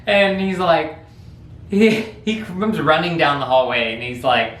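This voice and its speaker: A man's voice: on the high side, a little slow, fairly bright tone, reverberant. A man telling a funny childhood story in a rambling, casual way, laughing often. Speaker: vlog host.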